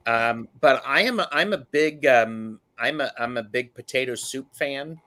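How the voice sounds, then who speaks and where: A man reading tarot cards in casual conversation, halting and searching for words with many fillers and restarts. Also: medium pitch, pushed and bright. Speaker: tarot reader. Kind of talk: casual chat and card reading.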